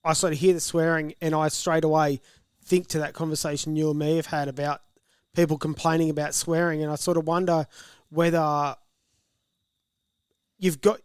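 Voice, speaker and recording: A man's voice: on the high side, level tone, normal speed, pauses often, clean tone, dry recording, studio quality. An Australian man co-hosting a podcast, talking in an easygoing, reflective way. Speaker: podcast co-host. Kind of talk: casual chat.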